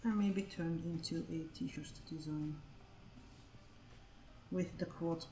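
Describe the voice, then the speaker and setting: Lowish-voiced woman chatting while drawing. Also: steady tone, slow pace, mellow, echoey room, a little hiss or hum. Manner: scattered, self-mocking, swears freely. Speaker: art streamer. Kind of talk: casual live-stream chat while drawing.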